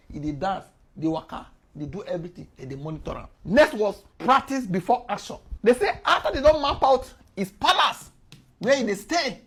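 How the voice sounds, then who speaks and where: A Nigerian woman hosts a casual news explainer, her voice husky and slightly breathy. She tells the story in a lively way, chuckling often as she goes. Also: medium pitch. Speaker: host.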